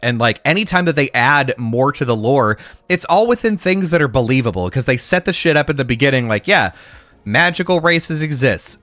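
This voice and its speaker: Lively, bright-voiced podcast guy. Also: mid-range voice, fairly quick, no room sound, faint music behind. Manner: profane, animated, argues his point at length. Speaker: podcast co-host. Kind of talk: casual chat.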